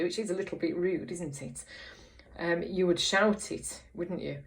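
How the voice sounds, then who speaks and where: A woman's voice: medium pitch, lively intonation, normal speed, creaky. A woman teaching a reading lesson to young children in an encouraging way, often asking tag questions. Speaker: primary school teacher.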